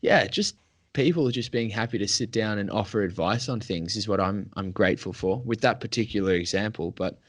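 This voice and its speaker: A young man, co-hosting a casual podcast with relaxed, joking banter. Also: lowish voice, fairly quick. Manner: laid-back, joking banter. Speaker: podcast co-host. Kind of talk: casual chat.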